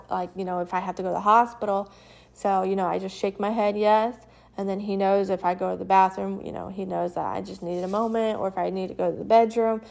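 A woman's voice: medium pitch, creaky. A woman hosting a casual solo podcast, talking in a rambling, reassuring way with lots of fillers. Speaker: podcast host.

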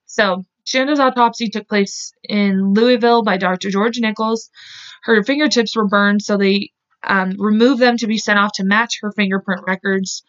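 A woman's voice: mid-range voice, steady tone, moderate pace, dull audio. A woman hosting a podcast and retelling a true-crime case in casual, filler-heavy talk that gets emotional and salty. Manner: chatty, filler-heavy, emotional, swears openly. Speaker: podcast host.

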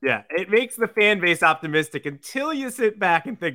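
Bright upbeat male podcast co-host. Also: fairly high pitch, big pitch swings, no room sound, studio quality. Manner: quick, upbeat, reads out listener questions. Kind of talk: casual sports talk.

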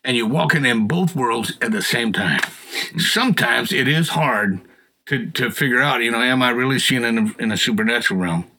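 A man's voice: medium pitch, normal speed, breathy edge, poor audio. A man sharing a personal faith testimony in casual conversation, acting out the people he quotes. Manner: animated storyteller who acts out quotes and laughs.

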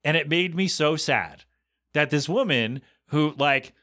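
A man on a podcast telling a rambling anecdote in a casual, animated way, acting out the people in it as he goes. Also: on the high side, a little slow. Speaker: podcast co-host. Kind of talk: casual storytelling chat.

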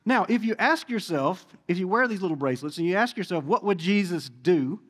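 Man, forties, preacher, sermon, high voice, very animated pitch, jokey asides. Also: fairly quick, big-room sound. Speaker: pastor.

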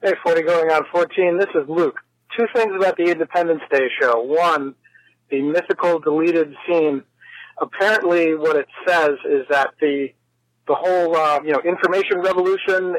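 A man's voice: fairly high pitch, steady tone, normal speed, a bit bright, dry recording, rough recording. A man leaving a rambling, wry voicemail message for a podcast, with many fillers. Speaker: voicemail caller.

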